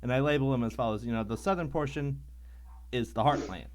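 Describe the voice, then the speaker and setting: A man co-hosting a podcast in a casual chat, making dry jokes in a deliberate way. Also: medium pitch, darkish tone, a little hiss or hum. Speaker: podcast co-host.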